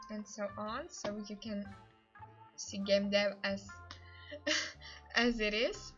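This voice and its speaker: A woman hosting a live game stream, commenting excitedly as she plays, laughing often and speaking English as a second language. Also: fairly high pitch, highs cut off. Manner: excitable, laughs often, non-native grammar.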